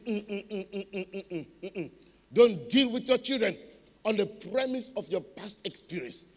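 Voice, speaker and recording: A man's voice: sits high, gravelly, pushed and bright, breathy edge, long reverb tail. A man preaching a sermon as pastor, emphatic, leading the congregation in call-and-response.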